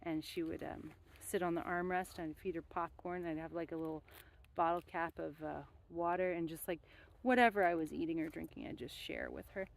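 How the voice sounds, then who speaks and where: A woman's voice: on the low side, a little fast, gravelly. A young woman telling rambling stories in a casual, chatty way while working on a fence outdoors. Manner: rambling, chatty, with many fillers and asides.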